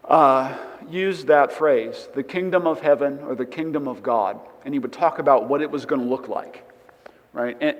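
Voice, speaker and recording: A man's voice: medium pitch, big-room sound, low-quality recording. A man giving a conversational sermon to his church, often checking in with "right?" as he teaches. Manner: conversational, frequent "right?" tags. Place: church sanctuary.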